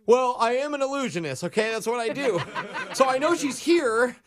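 A man's voice: very high-pitched, lively intonation, normal speed. A man playing a frantic, stoned amateur magician who is dog sitting, in a prank phone call. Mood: panicky rambling. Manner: rambling, panicky, giggly. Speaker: radio prank caller.

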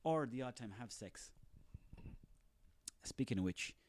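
Irish male, 30s, mid-pitched, solo comic ranter, sweary and sarcastic, dry close recording. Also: animated, unhurried, a little mellow, no echo. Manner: profane, sarcastic, ranting, rambling. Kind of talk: comic rant monologue.

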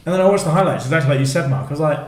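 A man's voice: on the high side, animated, very fast. A man co-hosting a casual football podcast, talking in long, rambling runs of chatty opinion. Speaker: podcast co-host. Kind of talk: casual chat about football. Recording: echoey room.

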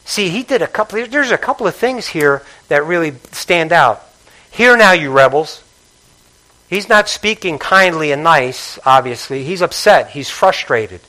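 A man preaching a sermon with passion, dropping to a hush and then rising to call out to the congregation. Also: a little high, lively intonation, normal speed, hardly any pauses, poor audio. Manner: passionate, swings between hushed and loud, calls out to congregation.

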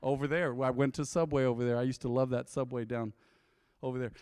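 A man, preaching a sermon as pastor and acting out conversations in a lively storytelling way. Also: mid-range voice, fast, clean tone, dry recording, clean studio sound, a faint crowd.

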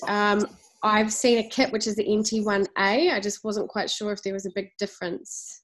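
A woman from New Zealand asks polite, slightly tentative questions over a video call. Her voice sits at a medium pitch. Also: steady tone, moderate pace, fairly bright tone. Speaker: caller asking questions. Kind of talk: webinar question.

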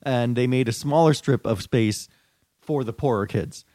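A man's voice: medium pitch, normal speed, warm tone, dry recording, clean studio sound. A man co-hosting a casual podcast, reading news stories and getting sarcastic and profane.

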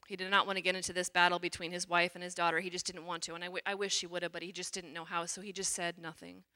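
Middle-aged nun, personal testimony, lively storyteller, bright tone. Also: female voice, lowish voice, fast. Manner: animated storyteller, acts out quotes. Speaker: religious sister.

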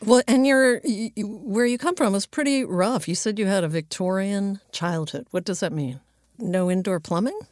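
A woman's voice: mid-range voice, moderate pace, a little mellow, no room sound, clean studio sound. A woman hosting a podcast, asking an interview guest questions in a curious, conversational way. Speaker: podcast host.

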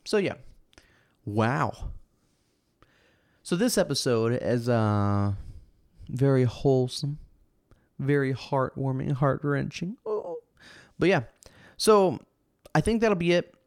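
A man's voice: mid-range voice, animated, takes it slowly, long pauses, dry recording, studio quality. A young man hosting a podcast alone, telling rambling, self-amused stories full of fillers and restarts. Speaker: podcast host. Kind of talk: casual solo storytelling.

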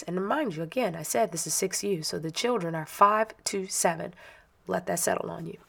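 Woman, 30s, parent, animated storyteller, low voice with some fry. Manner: animated, chatty, self-mocking. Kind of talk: personal storytelling monologue.

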